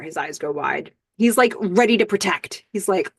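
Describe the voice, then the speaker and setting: A woman hosting a podcast, casually recapping a TV episode scene by scene with lots of fillers and excited asides. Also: medium pitch, moderate pace, breathy edge, dry recording, clean studio sound. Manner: chatty, lots of fillers and "I don't know", excited outbursts.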